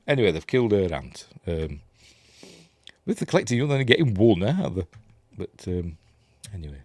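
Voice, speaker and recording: A man's voice: low-pitched, big pitch swings, fairly quick, darkish tone, no room sound, clean studio sound. A Yorkshire man giving a casual, rambling scene-by-scene commentary on a film, often correcting himself and chuckling. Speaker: film reviewer.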